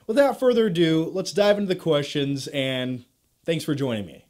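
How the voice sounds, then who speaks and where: A man's voice: fairly high pitch, moderate pace, darkish tone. A man hosting a casual movie Q&A vlog, chatty and upbeat with self-deprecating asides. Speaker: YouTube movie reviewer host.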